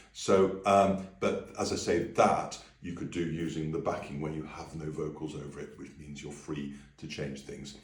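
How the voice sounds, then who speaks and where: A man's voice: extremely low pitch, flat delivery, normal speed, few pauses. A man teaching a song on video, explaining in a friendly, easygoing way and singing demonstrations. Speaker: music teacher. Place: room with a piano. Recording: echoey room, voice a little distant.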